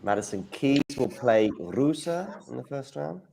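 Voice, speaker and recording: A man's voice: mid-range voice, lively intonation, measured pace, creaky, warm tone. A man co-hosting a casual chat, reading out names and reacting briefly. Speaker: co-host.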